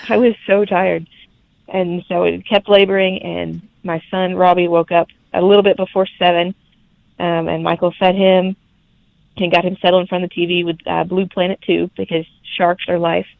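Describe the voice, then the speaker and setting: A young woman, telling her birth story as a podcast guest in lively, laughing casual chat. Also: on the low side, moderate pace, gravelly, dry recording. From Alabama, USA. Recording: tinny phone-like remote line.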